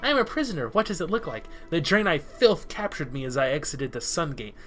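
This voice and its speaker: Snooty captured elf spy sneering at his captors , guy reading him out, bright voice. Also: on the high side, sing-song, fairly quick, soft background music. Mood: scornful. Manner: haughty, contemptuous.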